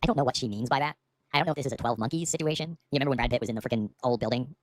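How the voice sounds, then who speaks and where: Speaking very fast in a mid-range voice, a man hosts a casual livestream from home, playful and rambling. He often interrupts himself to restart sentences, and the audio is studio quality with no echo.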